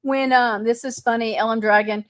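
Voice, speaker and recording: A middle-aged woman with a Texan twang chats with viewers in a relaxed live stream, laughing easily and greeting people by name. Her voice sits a little high. The sound is dry and close, with no room around it. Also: normal speed, no echo. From Texas. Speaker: livestream host. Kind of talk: casual live chat.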